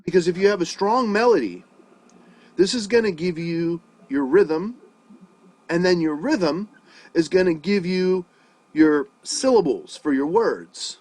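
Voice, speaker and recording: Over a video call, a music teacher gives a songwriting lesson in a high, expressive, somewhat mellow voice, taking his time. He's casual, swears freely, and keeps checking that his student is following. The recording quality is low.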